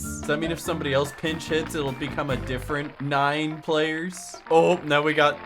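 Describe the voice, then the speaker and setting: A woman commenting on gameplay and narrating a video, excitable and joking, shouting when surprised. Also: low-pitched, moderate pace, hardly any pauses, over music. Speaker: video essayist and gamer.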